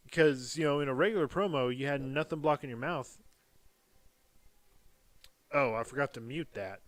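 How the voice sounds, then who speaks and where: With no echo, a medium-pitched man at normal speed chats casually as host of a wrestling podcast. His stories are lively, punctuated by frequent laughter and impressions.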